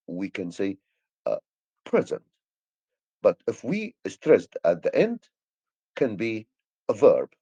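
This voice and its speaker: Halting Egyptian-accented male teacher. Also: lowish voice, warm tone, no echo, muffled recording. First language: Arabic. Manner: hesitant, many fillers and restarts. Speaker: English teacher. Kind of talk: grammar lesson explanation.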